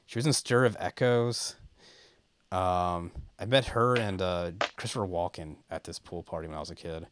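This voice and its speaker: A man's voice: low-pitched, normal speed, noisy background. A man chatting casually on a podcast, telling meandering anecdotes and laughing easily. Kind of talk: casual chat.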